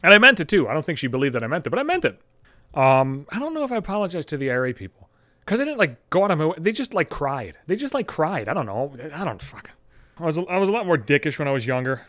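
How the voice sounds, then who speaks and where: A young adult man telling stories in a blunt, profane, animated podcast rant. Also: medium pitch, no echo. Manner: blunt, heavy swearing, animated. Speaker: podcast host.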